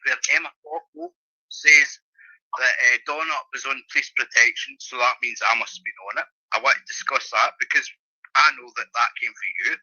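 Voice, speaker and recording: A man's voice: mid-range voice, very animated, fairly quick, vocal fry, bright, forceful tone, slightly rough, lo-fi sound. A man hosting a heated livestream chat, ranting angrily with heavy swearing and restarts. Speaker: livestream host.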